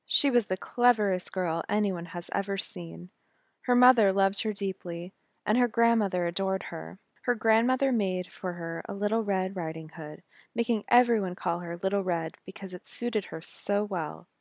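A woman reads a fairy tale aloud in a gentle, measured way, keeping a steady middle pitch. The recording is close and dry, with no room around her voice. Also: no room sound. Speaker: storyteller. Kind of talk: scripted storybook narration.

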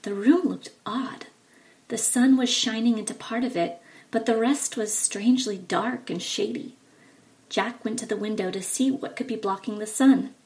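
A woman reading a traditional fairy tale aloud for children, expressive and sing-song in her telling. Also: on the high side. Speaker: storyteller.

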